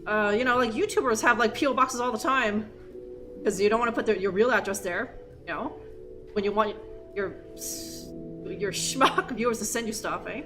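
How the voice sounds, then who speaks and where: A woman's voice: fairly high pitch, normal speed. A young woman streaming a game live, rambling, swearing and interrupting herself as she plays. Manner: rambling, profane, self-interrupting. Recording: music playing behind voice.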